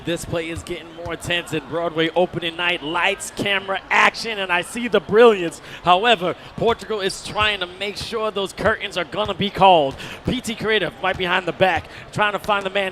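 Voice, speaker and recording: A man with a high, sharp-edged voice gives esports basketball commentary. His delivery is playful and full of colorful quips. He hypes every play. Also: a little hiss or hum.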